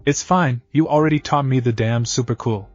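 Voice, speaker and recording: A man's voice: mid-range voice, moderate pace, no room sound, soft background music, close to an everyday voice. A man reading a snappy boy ninja apprentice. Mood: grumbling. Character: cocky young boy ninja medic apprentice. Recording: dull lo-fi audio.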